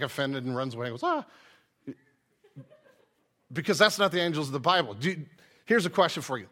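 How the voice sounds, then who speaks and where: A man preaching a sermon in a loose, conversational style. His voice sits high for a man and has a bright, forward edge, and he talks easily and informally. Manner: casual, chatty preaching with frequent fillers. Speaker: pastor.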